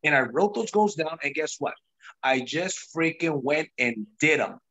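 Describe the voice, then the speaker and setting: A man's voice: on the high side, expressive, unhurried, bright, forceful tone. A man hosting a sales team call, telling his own story in an emphatic, pushy, repetitive way. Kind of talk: motivational sales talk on a call.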